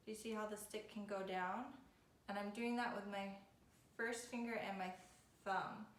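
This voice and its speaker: A woman's voice: medium pitch, steady tone, moderate pace. A woman violin teacher giving a patient, step-by-step video lesson. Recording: echoey room with faint noise.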